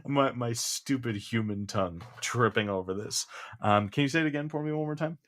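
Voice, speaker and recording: A man's voice: medium pitch, a little fast, fairly bright tone. Hesitant, coaxing man, laughing often. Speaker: host. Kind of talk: improvised comedy bit.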